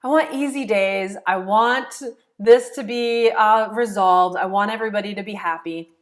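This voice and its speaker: A woman's voice: mid-range voice, normal speed. A woman coach teaching a self-help method step by step, repeating key phrases and checking in with rhetorical questions. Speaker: law of attraction coach. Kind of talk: explanatory teaching monologue.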